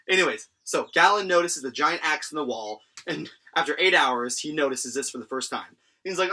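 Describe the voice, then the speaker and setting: A man's voice: fairly high pitch, expressive, moderate pace, hardly any pauses, pushed and bright. A young man casually recapping and reviewing an anime episode, rambling with lots of fillers and chuckles.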